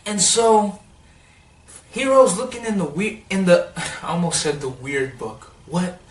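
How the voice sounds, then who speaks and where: A man giving a casual, rambling recap of a cartoon episode, excitable and full of "like.". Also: high-pitched, unhurried, distant mic, slight background noise. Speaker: TV episode reviewer. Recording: roomy sound, set back from the mic.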